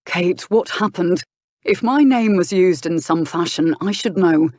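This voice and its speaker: Woman reading earnest young gentleman, insistent, lowish voice, dry studio read. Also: a little slow, no echo. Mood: urgent. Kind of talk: audiobook dialogue reading.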